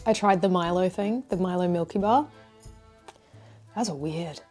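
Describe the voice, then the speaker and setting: Aussie woman rambling to her camera, self-deprecating vlog chat, soft music behind. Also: lowish voice, measured pace. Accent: Australian. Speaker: jewellery maker and vlogger. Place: home jewellery studio.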